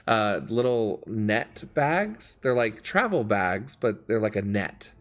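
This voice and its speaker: A man narrating as game master in a tabletop game, relaxed and laid-back, with frequent ums. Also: fairly low pitch, slow pace. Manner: relaxed, many ums, laughs easily.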